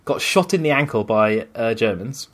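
A man's voice: mid-range voice, expressive, normal speed. A man telling a long anecdote in casual chat as a podcast co-host, rambling with restarts and putting on voices for the people in the story.

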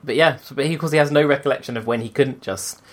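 A man's voice: medium pitch, fast. A man, co-hosting a podcast and telling a story in wry, exasperated casual chat. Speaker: podcast co-host.

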